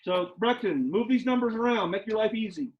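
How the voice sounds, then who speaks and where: A man's voice: high-pitched, fairly quick. A man teaching a math class in a lecture style, emphatic, repeating his questions to the students, a little out of breath behind a face mask. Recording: dull lo-fi classroom audio.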